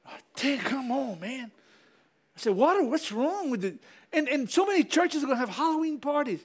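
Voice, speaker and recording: A man's voice: very high voice, big pitch swings, moderate pace. A man preaching a fiery sermon as pastor, repeating himself and calling out to the congregation.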